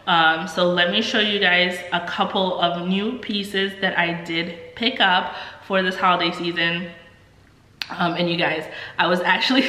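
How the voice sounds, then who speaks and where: A woman's voice: fairly low pitch, unhurried, bright, forceful tone, roomy sound, long reverb tail, poor audio. A young woman in her twenties, stuffy and under the weather, chatting casually in a vlog with many ums and likes. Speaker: vlogger.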